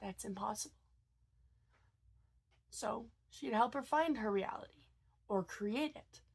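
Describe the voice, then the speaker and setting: A woman's voice: a little high, slow pace, gravelly, husky. A woman vlogger who is sick and tired, chatting casually and telling a story with lots of hesitations. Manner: chatty, hesitant, many fillers and restarts.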